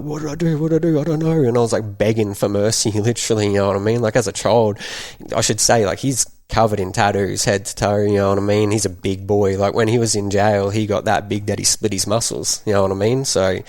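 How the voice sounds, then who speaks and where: Rambling man, dry lowish voice. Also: darkish tone, no echo. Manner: rambling, often adds "you know what I mean". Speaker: podcast guest. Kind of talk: candid personal storytelling.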